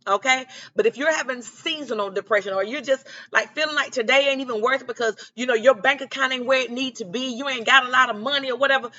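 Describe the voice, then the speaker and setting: Woman hyping you up on spiritual stuff, high bright voice, kinda lo-fi sound. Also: fast talker, hardly any pauses. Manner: casual, encouraging, colloquial, repeats "okay?" and "you know what I'm saying?". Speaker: spiritual guidance creator. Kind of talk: motivational spiritual talk.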